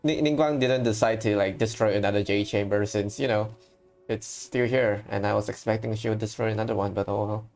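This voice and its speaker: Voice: mid-range voice, steady tone, fairly quick, darkish tone, soft background music. A young adult game streamer giving casual reaction commentary, rambling with many restarts and stammered repeats, joking and self-mocking.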